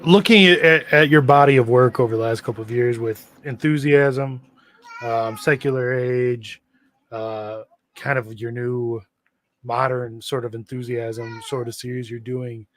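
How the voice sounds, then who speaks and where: A man's voice: mid-range voice, steady tone, measured pace, fairly bright tone, slight background noise. A man co-hosting a casual podcast, speaking hesitantly with many fillers. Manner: hesitant, fillers, brief agreements. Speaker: podcast co-host.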